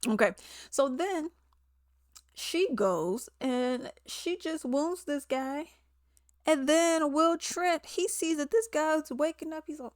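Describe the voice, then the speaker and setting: A woman, casually recapping a movie, animated and exasperated, acting out the characters' lines. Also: high voice, takes it slowly, no echo, clean studio sound. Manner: chatty and animated, acts out characters' lines in quotes; exasperated, sarcastic asides. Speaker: movie reviewer.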